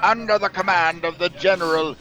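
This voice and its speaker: A man's voice: high voice, steady tone, fairly quick, bright, forceful tone, faint music behind, poor audio. A man voicing an arrogant Roman military commander who proclaims his conquests. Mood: pompous. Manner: pompous, proclaiming.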